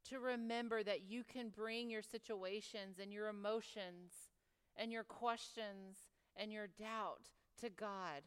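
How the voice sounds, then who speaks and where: A woman preaching a sermon to other women, emphatic and full of rhetorical questions, sometimes dropping to soft, reflective tones. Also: medium pitch, fairly even intonation, takes it slowly, smooth. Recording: long reverb of a large hall.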